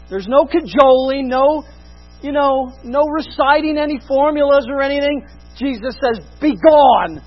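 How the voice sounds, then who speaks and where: A preacher delivers an emphatic expository sermon, rising to loud stresses and dropping to hushed lows. The audio is dull.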